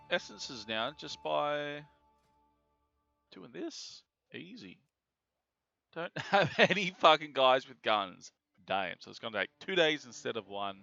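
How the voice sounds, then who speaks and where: A man's voice: a little high, vocal fry, bright, forceful tone. A man with an Australian accent giving chatty, sweary live commentary while he plays a game. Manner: chatty, swears freely, reacts aloud to the game. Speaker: game streamer. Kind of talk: casual live gameplay commentary. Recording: dull lo-fi stream audio with game music.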